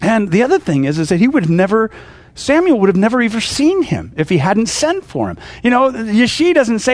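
Animated high-voiced man teaching scripture. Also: fast talker, no echo. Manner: conversational, many fillers and restarts, acts out quoted lines. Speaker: pastor. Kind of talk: casual Bible teaching.

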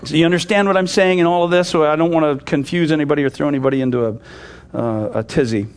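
Man, pastor, conversational sermon, slightly high voice, rambling, animated storytelling. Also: quick pace, clear, resonant tone. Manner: informal and rambling, full of "you know" and restarts; animated when retelling a story. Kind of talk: conversational Bible teaching.

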